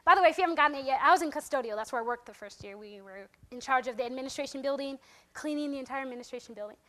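High-voiced young woman telling a story. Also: very fast. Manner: animated, acts out quotes in a raised voice, laughs often. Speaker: speaker sharing a testimony. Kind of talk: casual storytelling talk.

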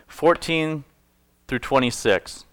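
Smooth-voiced man preaching casually. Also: a little high, takes it slowly, fairly bright tone, no echo. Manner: conversational, self-correcting, jokes with congregation. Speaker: pastor. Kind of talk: casual sermon with scripture reading.

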